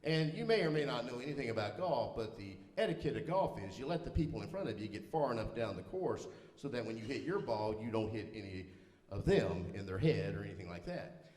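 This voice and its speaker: A middle-aged pastor preaches a funny sermon in a church, poking fun at himself through folksy personal anecdotes. He speaks briskly and expressively at a medium pitch, slightly mellow, and the church hall adds roomy reverb.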